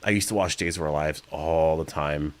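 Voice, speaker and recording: A man's voice: a bass voice, normal speed. A man chatting casually on a livestream Q&A, rambling through fillers and restarts, now and then yawning. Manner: rambling, chatty, frequent fillers and self-corrections; sometimes yawning mid-speech. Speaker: streamer reading live chat.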